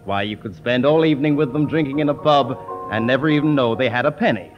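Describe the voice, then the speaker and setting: A man's voice: medium pitch, fast talker, highs cut off, loud music behind the voice. A man doing a mock-solemn comic stand-up routine on an archival radio broadcast. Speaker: comedian.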